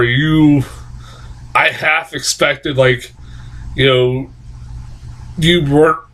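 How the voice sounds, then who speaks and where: A man reviewing a film in loose, unscripted talk, piling up fillers and false starts. He swears casually and often. His voice comes across bright and forward. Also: on the high side, low-quality recording. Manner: rambling, heavy fillers and restarts, frequent swearing. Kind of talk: casual spoken movie review.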